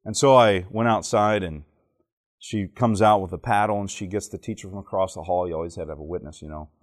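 A man's voice: deep voice, fairly quick. A man from Alabama, giving a church teaching talk to a live audience. He tells jokey stories and keeps quizzing the listeners. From Alabama, southern United States. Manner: joking storyteller who quizzes the audience.

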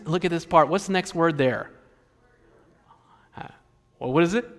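High-voiced preacher in a reverberant hall. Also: male voice, big pitch swings, measured pace, long pauses, a bit bright. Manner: conversational preaching with rhetorical questions to the congregation. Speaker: pastor. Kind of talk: sermon.

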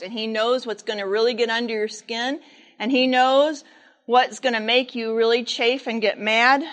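A woman speaking to a church congregation, with a slightly high voice. She tells a story in a lively, animated way and keeps turning to her listeners with asides. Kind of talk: storytelling sermon talk.

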